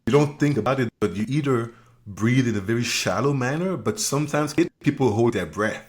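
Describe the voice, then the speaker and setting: A man's voice: mid-range voice, animated, fairly quick. A man hosting an interview podcast, reflectively paraphrasing and affirming his guest. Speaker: podcast host. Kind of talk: conversational interview.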